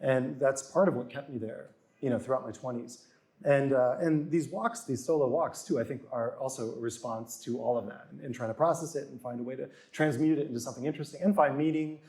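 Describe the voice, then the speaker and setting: In a fairly quick, mid-range voice with a darkish tone, a man in his forties tells stories during a casual chat. He is an author appearing as a guest, and he acts out quotes by raising his voice.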